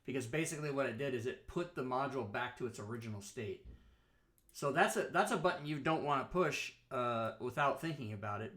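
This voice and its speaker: This man's voice is medium in pitch. He hosts a talk show streamed live, wandering chattily through a piece of software and correcting himself often.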